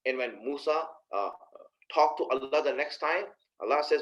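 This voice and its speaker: A man's voice: mid-range voice, normal speed, fairly bright tone, poor audio. A man preaching a sermon in a conversational way, asking his listeners rhetorical questions and speaking to them directly. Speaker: Islamic preacher.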